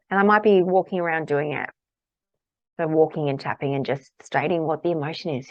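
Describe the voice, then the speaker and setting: A woman's voice: deep voice, fairly quick, no room sound, highs cut off. A woman practitioner giving a casual, candid talk about tapping, acting out the phrases she repeats aloud while tapping.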